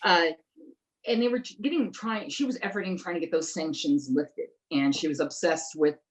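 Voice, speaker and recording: A woman investigative journalist in a conversational interview, talking in an animated, emphatic way and throwing in rhetorical questions. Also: on the low side, normal speed, low-quality recording.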